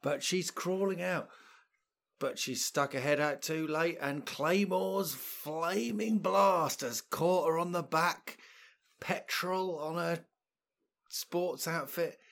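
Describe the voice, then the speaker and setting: A man running a tabletop game, who narrates events as a jokey, deadpan sports commentator. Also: a little high, takes it slowly, vocal fry. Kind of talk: playful mock sports commentary.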